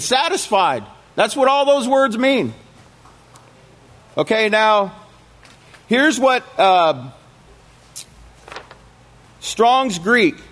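A man's voice: sits high, a bit bright. A man giving a sermon to a congregation, reading scripture aloud and often checking in with his listeners through questions. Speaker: congregation teacher.

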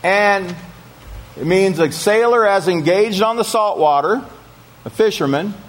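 A man's voice: sits high, unhurried. A man giving a sermon to a congregation, reading scripture aloud and often checking in with his listeners through questions. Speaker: congregation teacher.

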